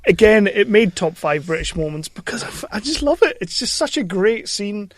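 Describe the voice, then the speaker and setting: A man's voice: high voice, very animated, moderate pace, no room sound. A man co-hosting a podcast in a small studio, chatting casually and enthusiastically about films and TV, laughing and swearing often. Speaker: podcast co-host. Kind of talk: casual film chat.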